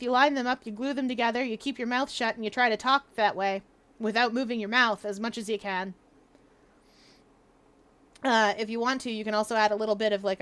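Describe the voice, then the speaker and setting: A woman's voice: on the high side, clean tone. A young woman streaming from home, chatting casually and explaining things at length, laughing often. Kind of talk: casual livestream chat.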